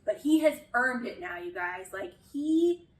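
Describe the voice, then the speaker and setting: A woman's voice: on the high side, expressive, measured pace, roomy sound, distant mic, a little hiss or hum, rough recording. A woman chatting casually through a critique of a show, exasperated at times and swearing freely. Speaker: video essayist.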